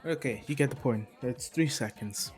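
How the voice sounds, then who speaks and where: A man's voice: medium pitch, moderate pace, a little mellow, soft background music. A man casually retelling a fan-made anime story, rambling, correcting himself and laughing at his own jokes. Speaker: video creator.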